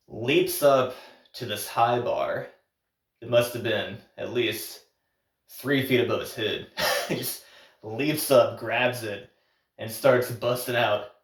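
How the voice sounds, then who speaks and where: A man's voice: medium pitch, far from the mic. A man casually telling a travel story as a podcast host, laid-back, swearing freely and laughing often. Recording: roomy echo, off the mic.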